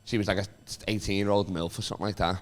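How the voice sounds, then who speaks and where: A young man from Liverpool, England, with a Liverpool accent, speaks rapid-fire in a fairly low, steady voice. On a comedy podcast he rambles through stories casually, swearing a lot and laughing.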